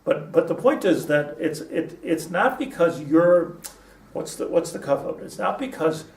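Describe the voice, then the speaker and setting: A man's voice: fairly high pitch, animated, measured pace, gravelly. A man, a rabbi, giving an informal Torah class in a conversational way, mixing in Hebrew terms and restarting his sentences. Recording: roomy, distant mic with faint ambience.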